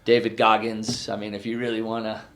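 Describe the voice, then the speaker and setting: A middle-aged man and retiring fire chief, reflecting in an exit interview, earnest and halting with many restarts. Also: fairly low pitch, completely flat delivery, a bit bright.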